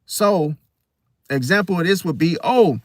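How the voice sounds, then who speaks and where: Emphatic man with a fairly high voice. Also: expressive, a little slow, no room sound, clean studio sound. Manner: emphatic, keeps asking "See?", repeats phrases. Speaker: astrology channel host. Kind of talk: casual monologue to camera.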